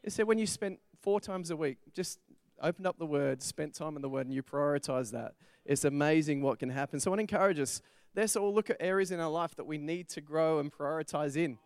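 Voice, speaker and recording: A man's voice: on the high side, a little fast, a little mellow, smooth, no echo. A middle-aged man, preaching a sermon in church in a conversational way with personal stories. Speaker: pastor.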